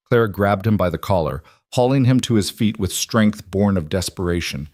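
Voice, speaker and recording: A man reading a dramatic period romance story as narrator, in a steady storytelling manner. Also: fairly low pitch, a little fast, few pauses, dry recording, studio quality. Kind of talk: scripted narration.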